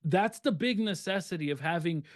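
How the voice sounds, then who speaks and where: Male podcast co-host, high voice, dry close sound, earnest and repetitive. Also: a little fast, dry recording. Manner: earnest, repetitive emphatic phrasing. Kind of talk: casual podcast discussion.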